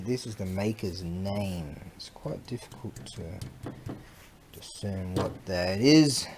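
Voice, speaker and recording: A man's voice: on the low side, a little hiss or hum. A middle-aged man, chatting casually in a vlog and rambling as he loses his train of thought. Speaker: vlogger selling antiques.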